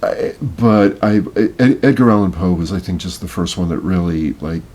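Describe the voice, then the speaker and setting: A man's voice: low-pitched, a little mellow, slight background noise. A man in his sixties from Miami, a podcast host reciting a poem dramatically and then reflecting on it with hesitant, searching talk. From Miami, Florida. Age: 60s. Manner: slow dramatic reading, hesitant afterwards.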